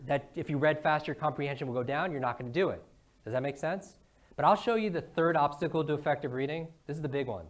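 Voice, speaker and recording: A man giving an energetic motivational talk, asking the audience one question after another. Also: on the high side. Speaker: brain coach giving a talk.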